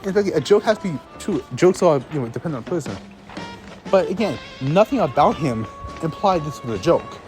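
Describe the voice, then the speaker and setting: A young man with a lively, swooping voice tells a story to camera in an exasperated, profane rant, stumbling and restarting as he goes. Clear music plays behind him throughout, and his pitch sits a little above the usual. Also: brisk. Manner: exasperated, swearing, laughing, many restarts. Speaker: vlogger.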